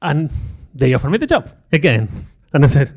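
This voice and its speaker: Animated man telling a conference story. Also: fairly high pitch, fairly quick. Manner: animated, self-deprecating, acts out quoted thoughts. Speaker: conference speaker. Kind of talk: conference talk, personal storytelling.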